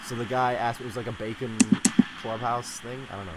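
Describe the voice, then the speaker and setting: A streamer spins a casual story for their stream and keeps breaking into giggles. The voice sits at an ordinary middle pitch, and a steady hiss runs underneath it. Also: fast. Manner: giggly, laughs through the telling.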